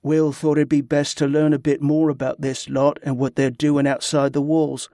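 Flat, dead-voiced killer smuggler voiced by a male narrator, bored and clipped. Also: fairly high pitch, normal speed, dry recording, clean studio sound, natural voice. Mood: cold.

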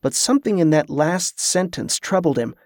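A man narrating his own fantasy audiobook in a steady, measured way. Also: on the high side, no echo, studio quality. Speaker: author and narrator.

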